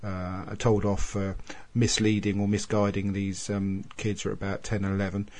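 A man's voice: on the low side, monotone, normal speed, darkish tone. A man, co-hosting a casual podcast chat and telling a long, rambling anecdote. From Wales. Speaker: podcast co-host.

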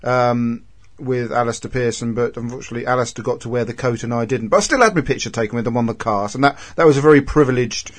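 A man's voice: medium pitch, fast. Eager man hosting. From England. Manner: eager and enthusiastic, tends to get carried away. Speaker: podcast host. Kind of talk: casual interview chat.

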